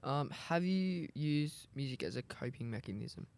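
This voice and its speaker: A man's voice: mid-range voice, expressive, normal speed, darkish tone, no echo. A teenage boy interviewing a guest, encouraging and affirming in a casual way. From Australia. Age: teens. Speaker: student interviewer.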